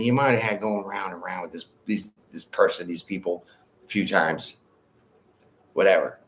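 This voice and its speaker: Male tarot reader live on stream, casual, blunt, slangy, quick to laugh, mid-pitched voice. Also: a little hiss or hum. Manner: direct, bold, slangy, laughs often. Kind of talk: casual livestream tarot reading.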